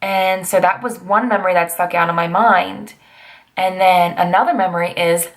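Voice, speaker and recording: A woman's voice: on the low side, steady tone, normal speed. A woman in her twenties talking through personal memories in a chatty, rambling vlog, breaking into sassy asides along the way. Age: 20s. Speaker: vlogger.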